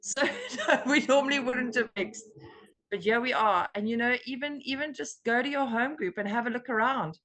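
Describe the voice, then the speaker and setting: A woman's voice: a little high, moderate pace, a bit bright. Earnest, emotional American woman sharing. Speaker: meeting leader. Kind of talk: recovery meeting share.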